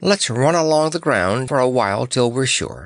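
A man's voice: medium pitch, expressive, moderate pace, dry recording, voice pushed up, natural voice. A man voicing a timid, tender-hearted male lion in a storybook reading, speaking in a faltering, anxious way. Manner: faltering, gloomy, choked.

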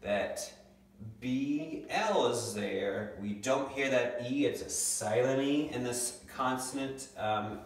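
A young man teaching a second grade lesson from home, patiently sounding out words slowly. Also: medium pitch. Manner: patient, slow, stretches out words to sound them. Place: home room. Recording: echoey room, mic far off.

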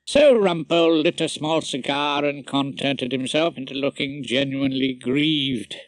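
A man reading a first-person audiobook narration in a wry, dry, expressive manner. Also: medium pitch, measured pace, no room sound, rough recording.

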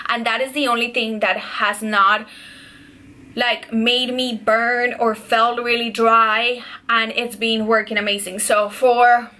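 A young woman with a slightly high, sharp-toned voice runs through a casual haul for viewers at home. Somewhat breathless, this beauty and lifestyle vlogger gushes enthusiastically and keeps saying "you guys."

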